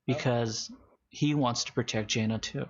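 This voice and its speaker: A man running a tabletop game as game master, narrating with wry, halting asides. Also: mid-range voice, fairly even intonation, husky, dull audio.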